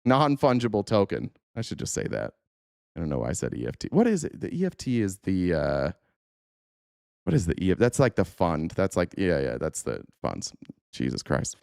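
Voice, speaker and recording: A man's voice: deep voice, huge pitch swings, normal speed, gravelly, a little mellow, clean tone, no room sound, studio quality. A man hosting a livestream, reacting in casual, rambling commentary with swearing, laughter and many fillers. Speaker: livestream host.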